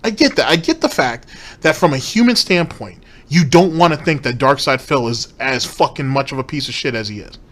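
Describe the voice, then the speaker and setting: A man's voice: mid-range voice, expressive, a little fast, a bit bright. A man giving blunt, profane reaction commentary, driving points home with repetition.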